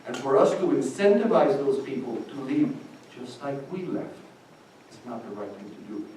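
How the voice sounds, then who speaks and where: Older cuban guy giving a fired-up seminar talk, booming echo, mic kinda far off. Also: big pitch swings, normal speed, warm tone, a little hiss or hum. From Cuba. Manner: passionate and emphatic, switches into Spanish, voices quoted people. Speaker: seminar panelist. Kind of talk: impassioned public talk. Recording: echoey hall, distant mic, faint ambience.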